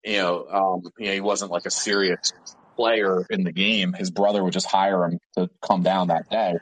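A man's voice: low-pitched, normal speed, poor audio. A man from Pittsburgh, an interview guest, telling a story casually with a lot of swearing and filler words. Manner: profane, animated storytelling with many fillers.

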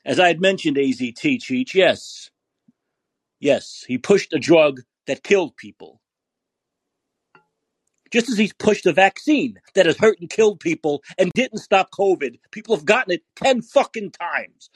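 A man hosting a podcast, delivering an angry, profane political rant full of repeated rhetorical questions and yelling. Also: sits high, animated, a little slow, breathy edge, no room sound. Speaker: podcast host.

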